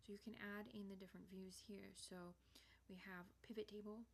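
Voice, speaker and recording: A woman hosting a software tutorial, chatting casually as she clicks through features on screen. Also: mid-range voice, little pitch movement, a little fast, husky. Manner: casual, chatty walkthrough with fillers.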